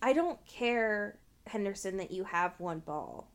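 A woman's voice: mid-range voice, animated, unhurried. A young woman co-hosting a podcast, chatting casually with dry, sarcastic asides. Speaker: podcast co-host. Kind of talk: casual chat recapping a TV show.

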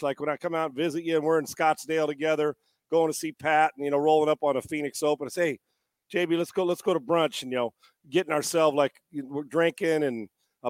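A middle-aged man hosting a sports talk show, loud and joking, telling stories with put-on voices. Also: a little high, no echo, clean studio sound. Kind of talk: casual podcast banter.

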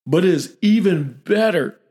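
A man's voice: high-pitched, moderate pace, slightly rough. A man in a casual conversation, talking about leadership and acting out bits of quoted dialogue. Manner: animated, acts out quoted dialogue. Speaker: military leader. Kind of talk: casual podcast chat.

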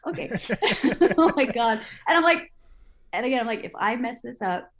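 A woman recounting television production stories in an interview, lively, acting out her own past thoughts aloud with many fillers and restarts. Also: a little high, normal speed. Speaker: interview guest, TV assistant director. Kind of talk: storytelling in an interview.

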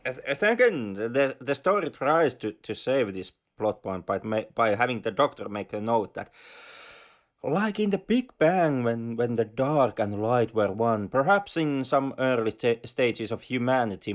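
A man's voice: mid-range voice, lively intonation, unhurried. A man co-hosting a film podcast, talking casually with hesitant restarts. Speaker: podcast co-host.

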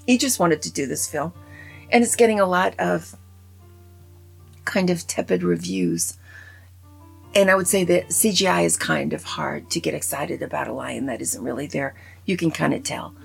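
A woman giving a casual spoken movie review in an animated, opinionated, rambling way full of asides. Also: fairly low pitch, creaky, slightly rough. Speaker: film reviewer.

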